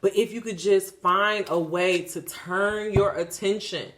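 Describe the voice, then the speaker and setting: A woman's voice: mid-range voice, steady tone, unhurried. A woman giving a spiritual tarot reading in a casual, preachy way. She swears freely and repeats phrases for emphasis. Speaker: tarot reader.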